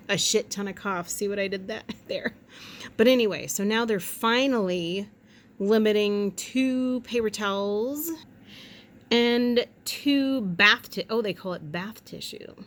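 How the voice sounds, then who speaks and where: A woman chatting at home in a rambling, jokey way, with quick asides and silly voices. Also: mid-range voice. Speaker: vlogger. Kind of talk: casual chat.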